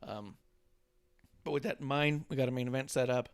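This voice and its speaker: A man co-hosting a casual wrestling podcast, animated and profane, joking and acting out quotes. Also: mid-range voice, brisk, clean tone, no room sound. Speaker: podcast co-host.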